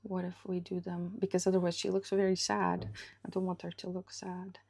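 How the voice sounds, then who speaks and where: A woman illustrator talking through a live drawing session, thinking aloud slowly and often dropping to a half-whisper as she works. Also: on the low side, completely flat delivery, gravelly, mellow, breathy edge.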